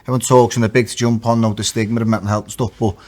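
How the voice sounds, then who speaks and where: A man co-hosting a casual chat, making quick, eager interjections. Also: fairly low pitch, flat delivery, darkish tone. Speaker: podcast co-host.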